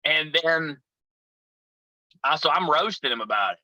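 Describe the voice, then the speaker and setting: A man's voice: fairly high pitch, animated, a little slow, pushed and bright, no echo, rough recording. A man telling profane, rowdy road stories in a casual chat as a guest. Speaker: pro wrestler guest.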